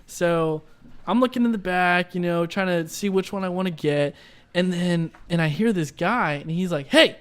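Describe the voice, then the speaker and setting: A young podcast co-host with a high voice tells a story at a moderate pace over a clean-sounding recording. He rambles through a casual chat, full of fillers, asides, lots of "like" and "right?", and laughs as he goes.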